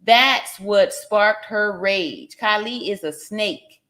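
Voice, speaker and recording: A woman's voice: mid-range voice, takes it slowly, pushed and bright. Chatty woman reading her live chat. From California. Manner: chatty, laughs often, reads comments aloud. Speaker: livestream host reading chat; nurse. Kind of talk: casual livestream chat.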